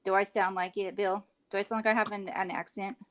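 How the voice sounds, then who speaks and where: A woman from California with a slight Southern-sounding lilt, chatting casually, blunt and quick to swear. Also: medium pitch, little pitch movement, fairly bright tone. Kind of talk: casual chat.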